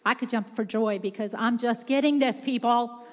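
A woman's voice: a little high, steady tone, slight background noise. A woman preaching a sermon with passion, shifting her voice to act out the quotes she tells. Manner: impassioned, quick-shifting, voices God and the Pharisees in quotes. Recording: echoey hall reverb.

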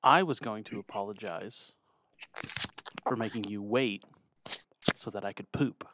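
A man's voice: on the low side, a little slow, heavy background noise. A young man hosting a podcast in a casual, laid-back way, saying "dude" and "like" a lot. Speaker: podcast host. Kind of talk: casual chat.

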